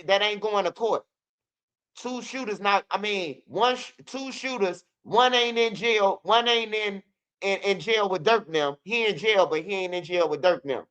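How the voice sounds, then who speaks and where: A man's voice: high voice, sharp tone, clean tone. A man ranting loosely and bluntly in casual street news commentary, repeating himself and mocking rap lines. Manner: loose, blunt, profane rant with repeats and mock rapping. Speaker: commentary channel host.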